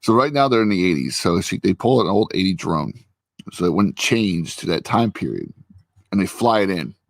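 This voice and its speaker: Man, casual chat, rambling recap, many fillers, lively intonation, dry recording. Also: deep voice, normal speed, creaky, dry recording. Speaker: vlogger recapping a TV episode. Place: at a computer with a friend.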